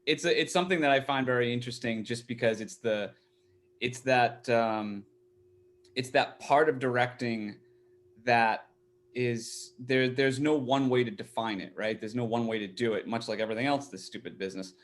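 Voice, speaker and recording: A man hosting a podcast, chatting casually and thinking aloud with halting restarts. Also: medium pitch. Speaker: podcast host. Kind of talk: casual conversation.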